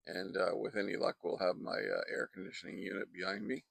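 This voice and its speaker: Man, painting instructor, low gravelly voice, chatty and digressive, close dry mic outdoors. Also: little pitch movement, brisk, a bit bright, no room sound. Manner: chatty, wandering off into asides. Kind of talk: casual painting demonstration. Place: outdoors in a backyard. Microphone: close microphone.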